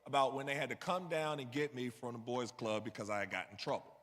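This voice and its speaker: Fast and steady, a medium-pitched, slightly bright male voice from New York recounts a personal story as a conversational sermon, often adding "you know what I mean." He speaks in a church sanctuary, where the recording picks up long hall reverb.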